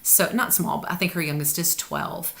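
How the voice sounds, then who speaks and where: A woman's voice: sits low, normal speed, gravelly, fairly bright tone. A middle-aged woman chatting in a rambling, upbeat way with many fillers in a casual video diary. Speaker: vlogger.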